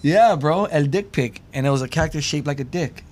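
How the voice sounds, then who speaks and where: A man's voice: fairly high pitch, fairly quick, a little mellow. A man talking as a guest on a casual podcast, laid-back and swearing, often trailing off. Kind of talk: casual chat.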